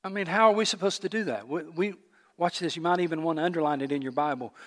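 A male pastor preaching a sermon with animated storytelling. He asks the congregation rhetorical questions. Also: on the high side, quick pace, long reverb tail.

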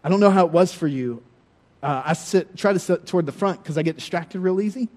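A man's voice: sits high, a little fast, a little mellow. A middle-aged male pastor preaching a conversational sermon, telling stories with humor.

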